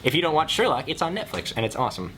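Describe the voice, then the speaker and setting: A man's voice: on the high side, big pitch swings, racing, pushed and bright, slight background noise. A man co-hosting a casual podcast, tossing in dry joking asides. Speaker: podcast co-host. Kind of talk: casual chat.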